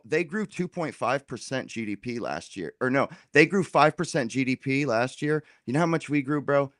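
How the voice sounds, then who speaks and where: A man in a casual political roundtable debate, talking in an animated, argumentative way and dropping slang as he makes his point. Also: on the high side, no echo, studio quality. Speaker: roundtable guest.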